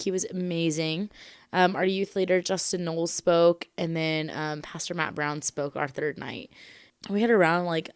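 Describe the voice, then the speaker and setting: A woman's voice: on the low side, dry recording, clean studio sound. A young woman co-hosting a podcast in casual chat, blunt and teasing toward her co-host.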